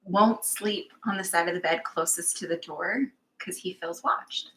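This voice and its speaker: A woman's voice: fairly low pitch, a little slow, a bit bright, low-quality recording. A woman working as a psychic medium, telling her experiences in a candid, chatty, self-mocking way as a guest. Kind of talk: casual conversational storytelling.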